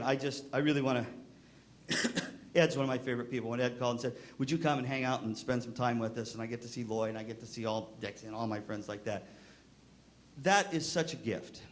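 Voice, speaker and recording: Animated middle-aged man telling stories on stage. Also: mid-range voice. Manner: animated, acts out the voices in his stories. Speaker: keynote speaker to band directors. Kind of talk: storytelling speech to a live audience. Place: convention hall.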